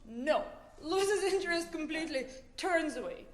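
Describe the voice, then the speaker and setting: A woman with a high voice tells wry true stories live on a comedy stage. She speaks into a stage microphone and slips into the voices of the people she describes. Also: moderate pace. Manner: wry, acts out the people in her anecdotes. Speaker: storyteller.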